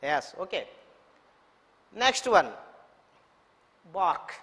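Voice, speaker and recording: A man with an Indian English accent teaches children English, spelling each word letter by letter and repeating it. He speaks slowly in a high voice. The recording has a long, echoey reverb. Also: big pitch swings, bright, forceful tone. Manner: slow, repetitive, spells words letter by letter. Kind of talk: online English lesson for children.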